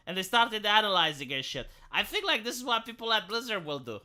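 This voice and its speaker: A man's voice: sits high, very animated, a little fast, hardly any pauses, sharp tone. A man, a live streamer rambling through an opinionated, sarcastic late-night rant, swearing casually as he goes.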